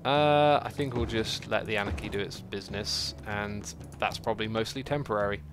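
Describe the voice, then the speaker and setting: A man giving casual, chatty livestream commentary while building a city in a game, reacting out loud to it and answering chat. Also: lowish voice. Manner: chatty, talks to the game and to chat, quick exclamations. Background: faint background music.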